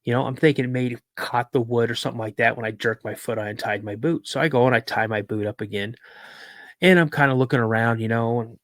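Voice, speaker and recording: Male podcast guest, lively storyteller, mid-pitched, dry close mic. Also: fast talker, dry recording. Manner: lively storyteller, repeats words for emphasis. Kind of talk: recounting a personal encounter story.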